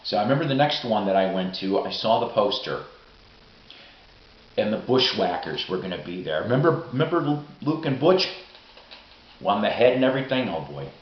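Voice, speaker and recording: A middle-aged man with a lowish voice tells old stories in a rambling, excitable way, swearing as he goes. The sound is dull and lo-fi, with a roomy echo and a faint hiss underneath. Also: a little fast. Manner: rambling, profane, excitable storytelling. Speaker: vlogger. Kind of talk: casual storytelling monologue.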